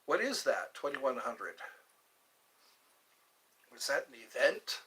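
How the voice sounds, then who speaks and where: Slow, bright-voiced older man rambling. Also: medium pitch, big pitch swings, low-quality recording. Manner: slow, meandering, joking to himself. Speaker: livestream host. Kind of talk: casual rambling livestream chat.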